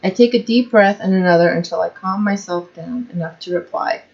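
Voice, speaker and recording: A woman's voice: on the low side, a little fast, creaky, darkish tone, lo-fi sound. A woman reading a story aloud, with casual asides and frequent self-corrections.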